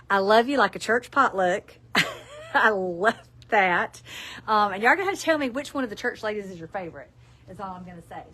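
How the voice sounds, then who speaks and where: This is a middle-aged woman from South Alabama with a Southern accent, hosting a relaxed live sales stream. She chats to her viewers in a folksy way, with frequent laughs and asides. Her voice sits at an ordinary middle pitch. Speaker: store owner presenting products.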